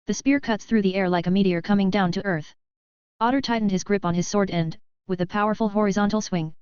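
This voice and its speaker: Lady reading a novel out, steady even delivery, dry dull sound. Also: mid-range voice, clean tone, no echo. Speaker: audiobook narrator. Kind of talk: scripted novel narration.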